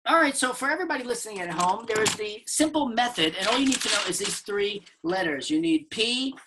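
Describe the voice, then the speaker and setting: A man who is a comedian guest, chatting casually in an upbeat, joking way and telling animated stories. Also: high-pitched, a little fast, noisy background. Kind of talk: casual interview chat.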